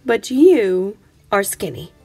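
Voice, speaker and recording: A pompous male goat scientist, bossy and sure of himself, who declares every line grandly, as a woman reads him aloud. The voice is breathy and swoops widely in pitch. Soft music plays behind, and the delivery is very slow. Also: very animated, full character voice.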